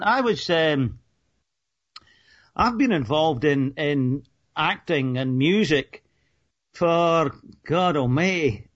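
A man's voice: a little high, muffled recording. A Scottish man in his sixties calling in to a radio talk show, telling stories in an amused, self-deprecating way. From Scotland. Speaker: caller. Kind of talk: casual storytelling on a radio call-in.

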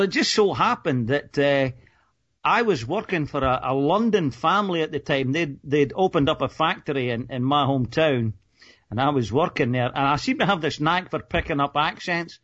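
An older Scottish man with a slightly high voice tells amused, self-deprecating stories on a talk-radio call. The sound is muffled and lo-fi, like a phone-in line. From Scotland. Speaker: caller. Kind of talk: casual storytelling on a radio call-in.

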